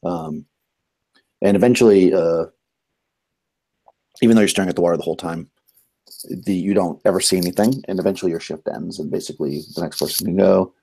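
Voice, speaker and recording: A man narrating as game master in a tabletop game, relaxed and rambling with many fillers. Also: sits low, fairly quick, vocal fry, long pauses, slightly rough.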